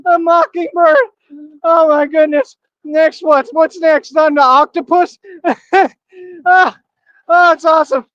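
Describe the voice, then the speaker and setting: A man's voice: extremely high pitch, fairly even intonation, slow, fairly bright tone, no echo, lo-fi sound. A man live-streaming while walking outdoors, rambling and laughing constantly, repeating himself.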